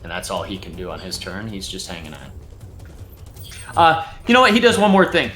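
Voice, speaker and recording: A low-voiced man acts as game master, narrating in a loose, laid-back way packed with fillers and easy laughter, his pitch swinging widely at a brisk pace with a fairly bright tone. The room echoes, and faint music plays behind him.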